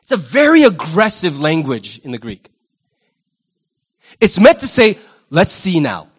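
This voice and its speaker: High-voiced, animated male pastor. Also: a little slow, breathy edge. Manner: animated, wry, jumps into quoted voices. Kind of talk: sermon.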